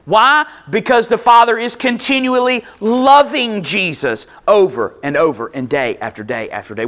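A man's voice: mid-range voice, fairly bright tone. A man preaching a sermon in a conversational style, speaking straight to his congregation. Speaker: pastor.

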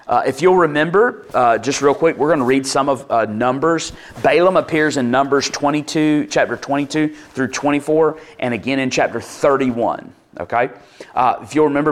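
A man preaching a conversational sermon to his congregation, with asides and restarts, acting out quoted lines in a livelier voice. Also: medium pitch. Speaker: pastor.

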